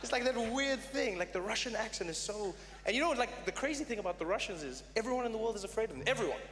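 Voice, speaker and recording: A man performing stand-up comedy on a live stage, telling stories in an animated, conversational way. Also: high voice, fast talker, big-room sound, a little hiss or hum.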